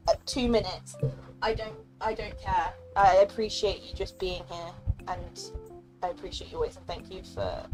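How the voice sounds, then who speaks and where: A woman's voice: mid-range voice, darkish tone. A young woman streaming a game, chatting casually and emotionally with her viewers, giggling and thanking them often. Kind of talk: casual live-stream chat.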